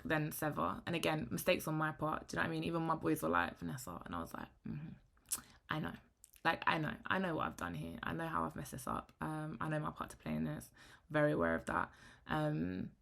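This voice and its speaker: A young woman, talking frankly to camera in a rambling, animated vlog. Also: deep voice. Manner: rambling, frank and animated, often trailing into hushed asides. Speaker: vlogger.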